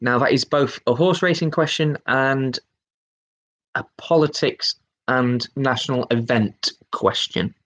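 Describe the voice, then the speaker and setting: A man's voice: medium pitch, measured pace, a bit bright. Male pub quiz host, mid-range voice, repeats each question and chats between them. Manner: reads each question twice, chatty asides. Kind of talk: hosting an online pub quiz.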